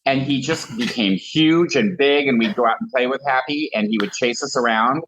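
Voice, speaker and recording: A man's voice: medium pitch, moderate pace, a bit bright, slight background noise, low-quality recording. A man from Colorado, a guest telling funny stories in casual chat with comic asides. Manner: theatrical storyteller with comic asides.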